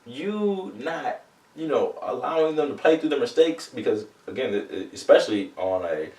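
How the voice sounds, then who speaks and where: A man's voice: mid-range voice, expressive, a little fast, warm tone. A man who coaches, co-hosting a podcast, arguing his points earnestly and asking pointed questions. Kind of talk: casual podcast chat. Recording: roomy, distant mic.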